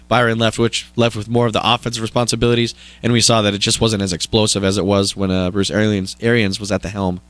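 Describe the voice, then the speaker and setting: A man from North Dakota co-hosting a sports radio show, talking in a measured, analytical way with dry humor. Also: lowish voice, little pitch movement, a bit bright, dry recording. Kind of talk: casual sports talk.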